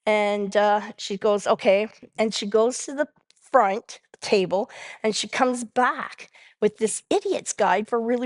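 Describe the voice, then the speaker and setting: A woman's voice: a little high, unhurried, dry recording, studio quality. A woman giving a personal recovery testimony as the main speaker at a convention, telling her story vividly and acting out the dialogue. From Canada. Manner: animated storyteller who acts out quoted dialogue.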